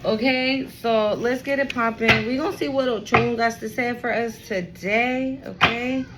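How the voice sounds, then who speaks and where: A woman's voice: fairly high pitch, steady tone, unhurried, heavy background noise. A woman giving a casual tarot reading at home, talking in a chatty, slangy way full of fillers. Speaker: tarot reader.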